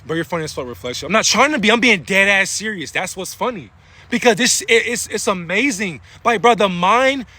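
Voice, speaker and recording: A man with a high, husky voice holds forth on spirituality during a livestream, swinging widely up and down as he fires off rhetorical questions. His slangy speech is broken up by quick thanks to viewers. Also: animated, bright, forceful tone, no room sound. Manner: casual slang, often stops to thank viewers; passionate, preachy rhetorical questions.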